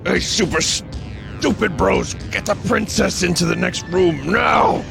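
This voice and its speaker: A man voicing a swaggering, gruff male monster king with a brash, cocky manner. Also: high voice, slow, over music, voice pushed up, exaggerated voice. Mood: commanding. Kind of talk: reading game dialogue aloud.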